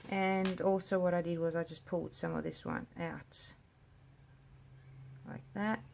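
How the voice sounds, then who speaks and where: A woman's voice: on the low side, fairly even intonation, a little slow, gravelly, darkish tone, slight background noise. A woman giving a chatty, murmured running commentary while she works on resin art at home, often trailing off mid-thought. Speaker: resin artist. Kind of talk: casual narration while working. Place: indoor home art studio with a window.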